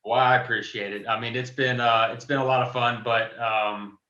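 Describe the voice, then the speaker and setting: A man's voice: medium pitch, flat delivery, moderate pace, bright, forceful tone, dull audio. Man host on an echoey video call. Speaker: podcast host. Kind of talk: casual interview.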